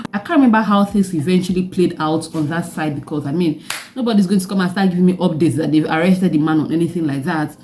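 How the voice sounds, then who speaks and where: Mellow-voiced Nigerian woman telling a story. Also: on the low side, fairly quick, a little hiss or hum. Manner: animated storytelling with laughing asides. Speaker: vlogger. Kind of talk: storytime vlog.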